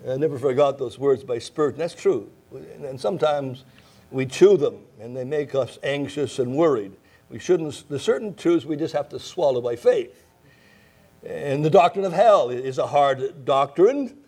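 A man's voice: medium pitch, expressive, unhurried, darkish tone. A man preaching a sermon, emphatic, repeating key phrases and asking rhetorical questions. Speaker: pastor.

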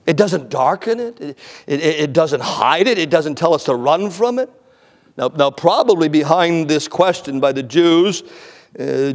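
A man's voice: on the high side, darkish tone, big-room sound. A man preaching an expository sermon, emphatic, repeating words for stress and often stammering on the first word.

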